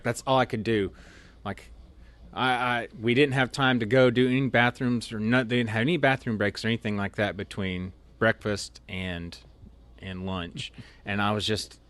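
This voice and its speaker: A man's voice: lowish voice, fairly bright tone, clear, resonant tone. A man telling funny stories in a casual, rambling way, full of "like" and "you know.". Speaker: storyteller guest. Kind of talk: casual anecdotal storytelling.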